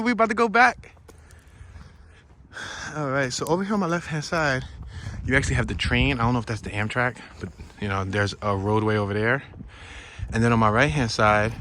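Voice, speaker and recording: A man casually narrating his hike on a wooded marsh trail outdoors, playful and excitable, whooping and laughing as he walks. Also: fairly low pitch, a little hiss or hum. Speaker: vlogger narrating a hiking walk. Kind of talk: casual walk-and-talk narration.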